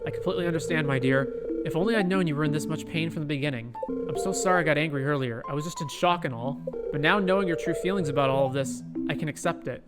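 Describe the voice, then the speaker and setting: Man reading as a stern sorceress mother, game music loud. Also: fairly high pitch, fast talker, close to an everyday voice. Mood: tender. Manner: scolding, then tender and apologetic. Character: stern proud sorceress mother, older woman. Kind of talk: reading game dialogue aloud.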